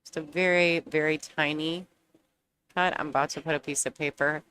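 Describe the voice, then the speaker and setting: Low-voiced woman bantering on commentary. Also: fairly even intonation, normal speed, fairly bright tone, slight background noise. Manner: chatty and bantering, laughs often. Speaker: sports commentator. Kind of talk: casual play-by-play commentary.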